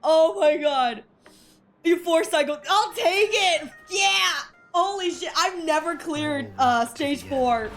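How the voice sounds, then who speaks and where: A woman streaming a video game, reacting excitably with gasps and shrieks as she commentates her play. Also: extremely high pitch, slow. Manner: excitable, gasping and shrieking at wins. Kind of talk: live gameplay commentary. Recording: voice over loud game music. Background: game music.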